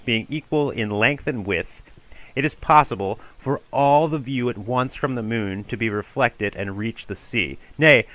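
A man giving a measured, formal audiobook reading of an ancient philosophical dialogue. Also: medium pitch, sharp tone, no echo, low-quality recording. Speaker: reader of a classical dialogue.

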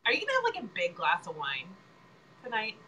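A woman co-hosting a casual chat, quick to laugh and offering short supportive remarks. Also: mid-range voice, wildly swooping pitch, pushed and bright, low-quality recording. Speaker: co-host.

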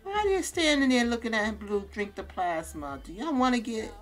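A woman's voice: a little high, animated, normal speed, soft background music. A young woman hosting a let's-play video, chatting casually in slang and talking to her game characters. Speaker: gaming channel host.

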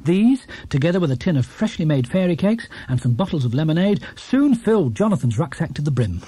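A man narrating a children's storybook in a lively, expressive way. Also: a little high, a little fast, slightly rough, no room sound. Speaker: audiobook narrator.

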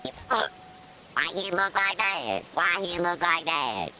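A woman voicing a gravelly old chain-smoking woman who scolds and mocks in a slow drawl. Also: very animated, loud music behind the voice. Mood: mocking. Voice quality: gravelly, smoky low voice.

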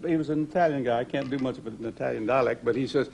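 A man's voice: mid-range voice, fast talker, gravelly, hardly any pauses, slightly rough. An older man, a cowboy film star in an archival interview, telling a rambling, chuckling anecdote.

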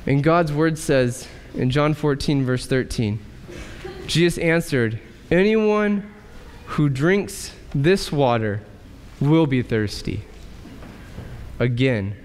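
A male pastor preaching a sermon in a church, asking rhetorical questions and pausing for effect. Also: a little high, animated, a little hiss or hum. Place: church sanctuary. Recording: church hall reverb.

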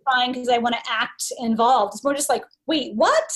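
A woman's voice: a little high, normal speed, fairly bright tone. A woman co-hosting a podcast in casual conversation, telling stories animatedly and acting out her own thoughts. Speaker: podcast co-host.

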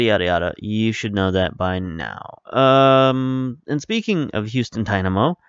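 A man's voice: on the low side, smooth, dry recording, lo-fi sound. A man hosting a video game series, talking casually and rambling through his thoughts, often stopping to correct himself. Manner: rambling, self-correcting, relaxed. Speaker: video game let's-play host. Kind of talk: casual commentary over gameplay.

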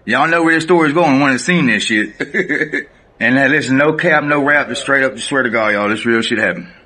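Bright-voiced Southern man telling a story. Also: mid-range voice, moderate pace, husky. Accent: Southern American. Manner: animated, profane, laughing storyteller. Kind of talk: casual storytelling to camera.

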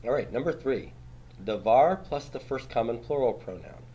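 In a grammar class, a man with a mid-range, dark-toned voice speaks animatedly at a normal speed. He patiently walks through rules on the board, asks students questions, and ends his points with "right?".

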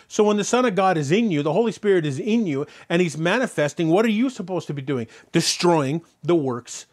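Delivering a sermon with a high-pitched voice, slightly fast and with few pauses, this Canadian pastor tells a story before pressing his points through repeated rhetorical questions. He preaches in an animated way, getting loud on the key points.

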